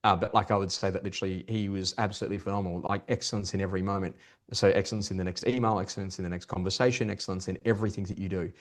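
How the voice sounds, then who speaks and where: Aussie man, middle aged, low voice, rattles off stories quick in a podcast chat. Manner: fast, animated storytelling with many restarts. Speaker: guest, performance coach. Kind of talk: conversational podcast interview.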